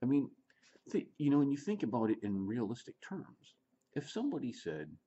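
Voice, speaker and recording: A middle-aged man from the United States giving a rambling, animated opinion monologue, repeating words and acting out quotes. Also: mid-range voice, moderate pace, lo-fi sound. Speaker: vlogger.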